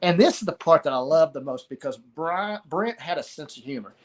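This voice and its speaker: Halting man telling a story. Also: a little high, expressive. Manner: halting, pauses and repeats words. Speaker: guest sharing a story of loss. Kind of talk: emotional personal storytelling.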